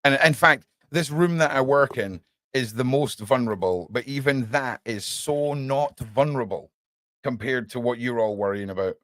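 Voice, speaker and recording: This livestream podcast host speaks at medium pitch and normal speed, with no echo on the recording. He's animated and casual with his audience, addressing chat as "mate" and dropping the occasional swear word.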